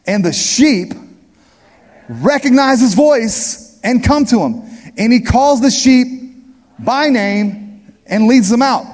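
High-voiced man preaching in a reverberant hall. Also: lively intonation, slow pace, long pauses, darkish tone. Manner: emphatic preaching, repeats key phrases, addresses the crowd directly. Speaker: pastor. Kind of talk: sermon.

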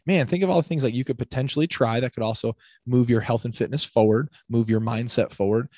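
Brief: energetic young man from the US Midwest, fitness coach guest, chatty filler-laden delivery, dry close mic. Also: mid-range voice, quick pace, no room sound. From Midwest United States. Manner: energetic, heavy use of "like". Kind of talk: casual podcast conversation.

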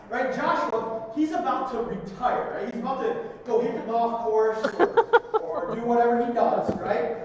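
A pastor with a medium-pitched, somewhat dark voice delivers a conversational sermon, tagging his points with "right?" The recording comes from a church sanctuary and sounds distant and echoey, with faint noise.

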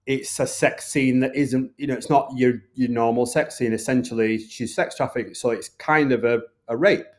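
A man's voice: medium pitch, fairly even intonation, moderate pace. A man with a Northern English accent, a film director talking casually and earnestly in an interview, full of "like" and "you know". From Northern England. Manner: earnest, rambling, filler-heavy.

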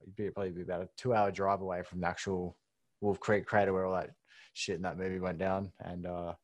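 An Australian man hosting a podcast interview, relaxed and casually swearing. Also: low voice, quick pace. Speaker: podcast host.

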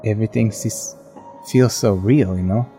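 A man's voice: lowish voice, normal speed, warm tone, soft background music. A man in a tabletop role-play, speaking in character as a brash, confused young musician, casual and profane. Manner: casual, profane, street slang. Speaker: player.

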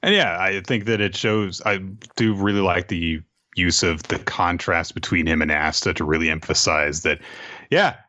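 A man's voice: sits low, steady tone, normal speed, sharp tone, dull audio. A man co-hosting a casual podcast, laid-back and hesitant, with casual swearing. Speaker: podcast co-host. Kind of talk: casual chat.

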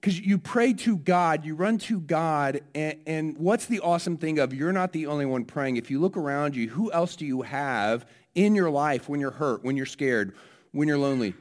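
Man pastor with a lightly raised pitch. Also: moderate pace. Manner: lively, asks listeners questions. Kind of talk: children's message then sermon.

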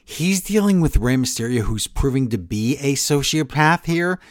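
A man co-hosting a podcast, chiming in on a wrestling recap with quick reactions and wry agreement. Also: mid-range voice, lively intonation, no room sound, studio quality. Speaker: podcast co-host. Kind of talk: casual wrestling recap chat.

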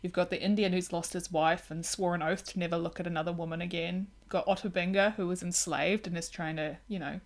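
A woman in casual conversation about a film, animated and quick to act out the characters' lines. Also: fairly low pitch. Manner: animated, acts out dialogue in quotes.

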